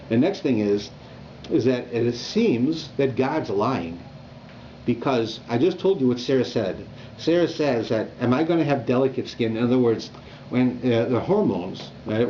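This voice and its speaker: Man teaching a Torah class conversationally. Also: mid-range voice. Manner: conversational, animated, with repeated "right?" checks. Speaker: rabbi. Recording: dull lo-fi recording with faint room noise.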